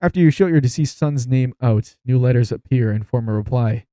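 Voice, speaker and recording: Man, gaming creator, reads horror story text aloud, amused asides, very deep warm timbre, dead dry sound. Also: fairly quick, few pauses, no room sound. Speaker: gaming YouTuber. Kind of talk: reading and playing an interactive horror story.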